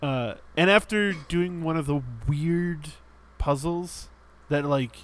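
A man's voice: a little high, takes it slowly, fairly bright tone. A man co-hosting a casual podcast, explaining a game in a rambling way with many fillers. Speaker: podcast co-host. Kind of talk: casual chat.

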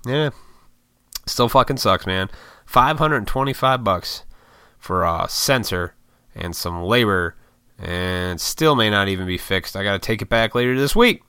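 A man's voice: on the low side, animated, unhurried, sharp tone, clean tone, dry recording, studio quality. An American man hosting a casual solo podcast, rambling and swearing freely with frequent laughs. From United States. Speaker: podcast host.

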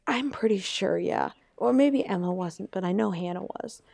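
Young woman with a gravelly, mellow voice. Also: medium pitch, lively intonation, moderate pace, dry recording. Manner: rambling, emotional retelling with frequent restarts. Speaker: podcast co-host. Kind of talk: casual chat, storytelling.

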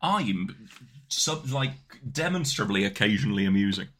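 A man's voice: on the low side, very animated, normal speed, fairly bright tone, a little hiss or hum. A man co-hosting a podcast, teasing and exaggerating in casual banter. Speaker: podcast co-host.

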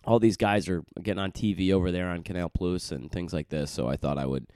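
A man's voice: deep voice, fairly even intonation, fairly quick, darkish tone, clear, resonant tone, dry recording, studio quality. A man hosting his own podcast, rambling in a loose, chatty way with plenty of fillers and restarts. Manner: loose and chatty, with many fillers and self-corrections. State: recovering from a cold and jet lag. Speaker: podcast host. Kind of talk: casual rambling monologue.

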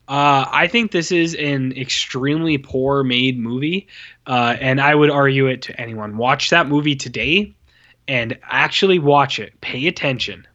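A man co-hosting a podcast, casually reviewing a film with a lot of swearing and flat mocking quotes of its dialogue. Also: medium pitch, dull audio. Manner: profane, exasperated, mocks lines in flat voices. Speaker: podcast co-host. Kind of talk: casual movie review chat.

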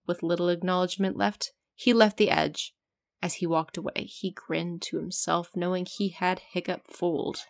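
A woman's voice: on the low side, steady tone, normal speed, gravelly. Woman, casual read-aloud narrator, giggly, jokes between lines. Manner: giggly, breaks off to joke about the text. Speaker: fan fiction reader. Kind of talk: casual reading of a story aloud with commentary.

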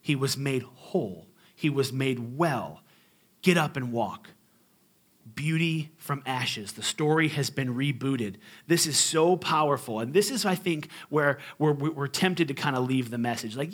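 A man's voice: sits high, moderate pace. A male pastor preaching a sermon in a conversational, humorous and emphatic way.

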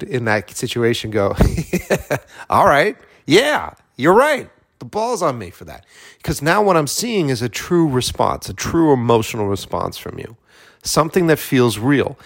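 A man from Boston telling a story in a casual monologue, swearing often and acting out the dialogue. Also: medium pitch. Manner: profane, animated storytelling with acted-out dialogue.

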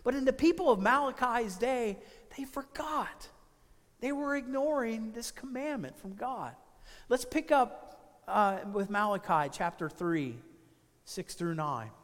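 A male pastor with a high voice delivers a sermon in a church sanctuary. He speaks in measured phrases and lets words stretch out, and a long reverb trails each line. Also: lively intonation, a bit bright. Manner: measured preaching with drawn-out phrases.

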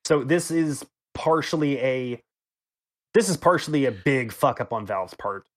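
Male podcast host, mid-pitched, halting delivery with frequent ums, teasing. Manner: hesitant, lots of ums, teasing. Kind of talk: casual gaming news chat.

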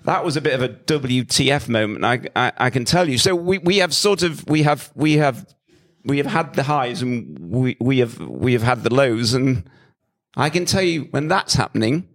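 Male founder, middle-aged, chatty storyteller, self-deprecating, stumbles and restarts; mid-pitched. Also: normal speed. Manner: animated, self-mocking, many restarts. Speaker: company founder. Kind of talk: conversational storytelling talk.

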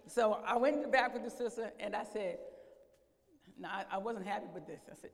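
A woman preaching a sermon, telling a story and acting out its voices, rising at times to a shout. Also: fairly high pitch, animated, moderate pace, gravelly. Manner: acts out voices, voice swells to shouting. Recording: echoey hall.

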